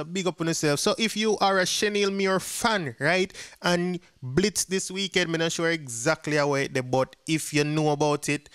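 A man's voice: on the high side, fairly bright tone, smooth, dry recording, studio quality. A man with a Jamaican accent giving a casual commentary to viewers, chatty and mixing patois with English. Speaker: dancehall gossip vlogger.

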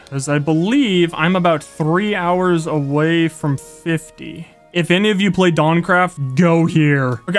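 A young man giving excitable, gushing Let's Play commentary, yelping when enemies appear. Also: a little high. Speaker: gaming YouTuber.

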